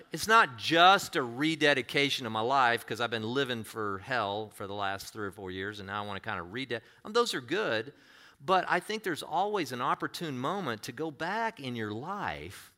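A man preaching a sermon, moving from easy conversational talk to loud, impassioned preaching, often repeating and restarting words. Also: mid-range voice, lively intonation, unhurried. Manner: repeats and restarts words, acts out quoted voices. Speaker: pastor.

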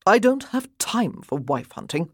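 A woman's voice: medium pitch, very animated, a little slow, breathy edge, no room sound, clean studio sound, heavily acted. A woman reading as a blunt, impatient young earl who thinks mostly of horses, speaking in curt commands.

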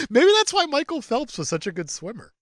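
A man's voice: very high-pitched, wildly swooping pitch, normal speed, dry recording, studio quality. A man co-hosting a casual movie podcast, joking and riffing in silly voices. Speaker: podcast co-host.

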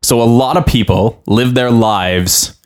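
A man's voice: medium pitch, unhurried, smooth. A man co-hosting a podcast who rambles reflectively in casual chat, with restarts and chuckles. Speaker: podcast co-host.

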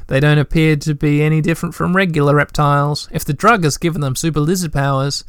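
A man's voice: on the high side, steady tone, fast, a bit bright, clear, resonant tone, no room sound, studio quality. A young man reading a text adventure aloud in a let's play, with chatty, joking asides.

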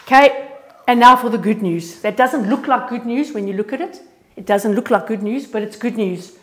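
A woman's voice: fairly high pitch, moderate pace. Earnest woman giving a church testimony. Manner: lively, earnest, often restarts words. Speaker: speaker sharing a testimony. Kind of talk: informal church sermon with slides. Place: church gathering.

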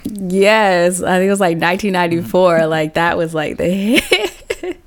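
A woman's voice: on the low side, expressive, unhurried. A woman host telling a comic story in a casual, slangy way, laughing often. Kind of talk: comedic storytelling.

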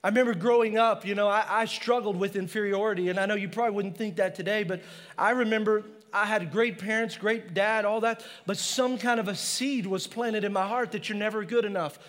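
A man's voice: high-pitched, steady tone, fairly quick, fairly bright tone, big-room sound. A male pastor preaching a passionate sermon in a church, mixing personal stories with scripture.

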